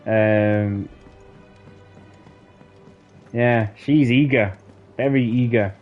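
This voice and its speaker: A chatty man streaming a game, musing aloud between scenes in a mid-pitched voice. The audio is slightly dull, with faint game music underneath. He talks loosely and reflectively, full of small restarts. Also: very slow. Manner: chatty, musing, many fillers. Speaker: gaming streamer. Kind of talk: let's play commentary.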